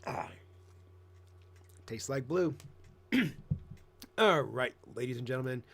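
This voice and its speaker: A man in a casual reaction commentary, talking in a mocking, sarcastic way. His voice sits at an ordinary middle pitch, and his jokes are crude. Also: lively intonation, slow, a bit bright, husky. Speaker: commentary host.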